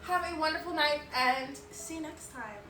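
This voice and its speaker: A woman's voice: high voice, moderate pace, pushed and bright, recorded from a distance. A young woman chatting casually on a live stream, rambling and giggling with lots of filler words. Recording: roomy, off-mic, music behind.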